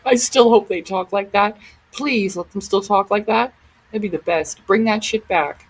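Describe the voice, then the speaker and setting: A woman's voice: mid-range voice, animated, a little slow, pauses often, darkish tone, husky, poor audio. A woman vlogger giving casual commentary on photos, often exclaiming in amazement.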